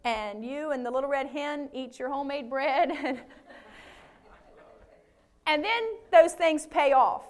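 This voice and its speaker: A woman pastor preaching a sermon in a folksy, animated way, dropping in amens and hallelujahs. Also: high voice.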